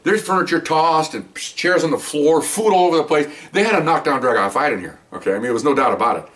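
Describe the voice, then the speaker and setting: An older man, retired from police work, casually tells job stories to the camera, animated and fast. He acts out the voices of the people he quotes in a higher pitch. The recording was made from a distance.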